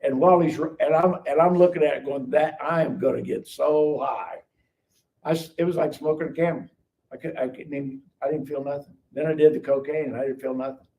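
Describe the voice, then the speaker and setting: A middle-aged man on a live stream, telling his life story in casual, animated speech and acting out the people in it. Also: on the high side, fairly quick. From Kansas City area. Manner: animated, acts out quoted dialogue. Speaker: guest telling his testimony. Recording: distant mic with faint background noise.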